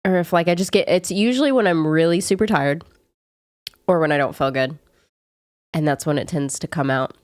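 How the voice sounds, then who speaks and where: A woman's voice: sits low, normal speed, long pauses, no room sound. Rambling Southern woman streamer, dry close sound. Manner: chatty, rambling with frequent "like" fillers. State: sick. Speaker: live streamer. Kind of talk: casual chat answering viewers.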